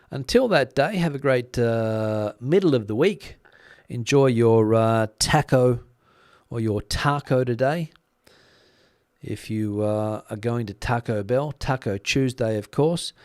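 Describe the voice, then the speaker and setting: A man's voice: a little high, dry recording, clean studio sound. A middle-aged man with an Australian accent, casually chatting on a live stream, rambling with plenty of fillers and restarts. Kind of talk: casual live-stream chat reading comments.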